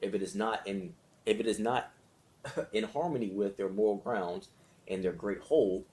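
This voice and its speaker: Guy with a lowish voice explaining stuff casually, keeps repeating, asks "you feel me", laughs here and there. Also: normal speed, a little mellow. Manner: conversational, repetitive, with frequent check-ins; laughs between phrases. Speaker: self-help study leader. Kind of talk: casual explanation and guided meditation.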